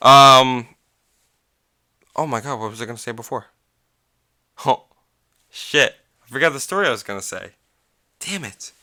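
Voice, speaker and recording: A man's voice: medium pitch, expressive, normal speed, pauses often, bright, forceful tone, no room sound, clean studio sound. Rambling, swearing young man. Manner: rambling, restarts and swears often, loses his train of thought. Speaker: podcast host. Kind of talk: casual solo podcast storytelling.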